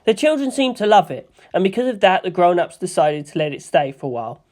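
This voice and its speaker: A woman reading a fan-written story aloud in a lively, expressive way. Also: fairly low pitch, fast talker. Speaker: fanfic reader.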